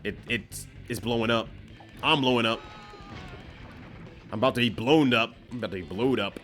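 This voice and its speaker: A man's voice: medium pitch, normal speed, fairly bright tone, faint music behind. A man streaming a game live, giving loose, joking commentary that swears casually and rambles between bits.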